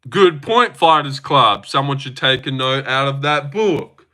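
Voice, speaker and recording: A man's voice: mid-range voice, lively intonation, a little slow, bright, forceful tone. A man hosting a casual livestream, reading and joking about chat messages. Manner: joking, chatty, reacts to chat messages aloud.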